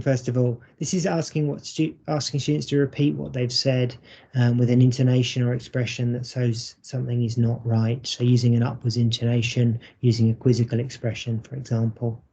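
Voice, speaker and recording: A man presenting a recorded workshop for English teachers, speaking in a measured, explanatory way with frequent ums. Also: mid-range voice, gravelly, warm tone, slightly rough. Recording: dull lo-fi audio.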